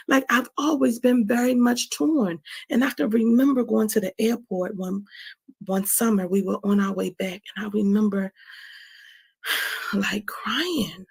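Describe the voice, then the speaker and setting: A creaky, husky mid-range voice at a measured pace: a woman speaking candidly on her own stream about forgiveness. Emotional and confessional, she swears occasionally, repeats herself, and frequently asks "right?".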